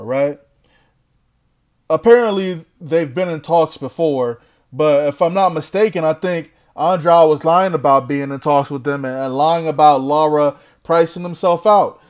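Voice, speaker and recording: A man ranting casually to the camera as a boxing commentator. He is blunt and trash-talking and laughs often. His voice sits a bit high for a man. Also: darkish tone.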